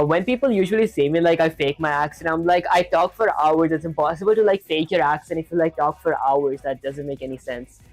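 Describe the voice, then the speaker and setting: A man streaming live coding, talking quickly in a casual, chatty way, reading instructions aloud and filling gaps with fillers. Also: on the high side. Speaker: programming streamer.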